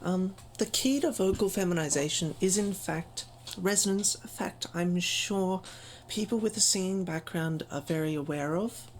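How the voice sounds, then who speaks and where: A woman's voice: fairly low pitch, moderate pace, a little hiss or hum, low-quality recording. A woman giving a casual voice-training tutorial, chatty and self-deprecating, with frequent ums.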